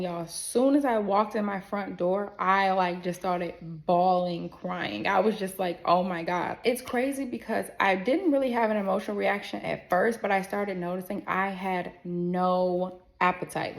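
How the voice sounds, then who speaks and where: A young woman narrates a personal story in a loose, chatty vlog voice with a strong gravelly fry. She talks with lively, animated delivery, swears casually and slips into other people's voices. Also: medium pitch, moderate pace, few pauses.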